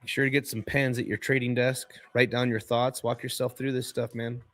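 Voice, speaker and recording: A man hosts a live trading stream in casual livestream chat, loose and laid-back, peppering his talk with "dude" and "man." His mid-range voice is a bit bright, a little fast, and flat in delivery.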